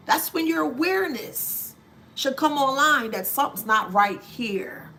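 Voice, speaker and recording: A woman's voice: sits high, expressive, measured pace, pushed and bright, slight background noise. A woman giving a spiritual tarot card reading to her viewers. She laughs often and slips in mocking asides.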